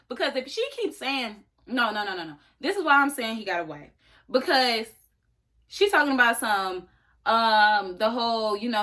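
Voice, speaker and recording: A young woman vlogger telling a story in a casual, animated, slangy way, speaking straight to her viewers. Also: a little high, normal speed.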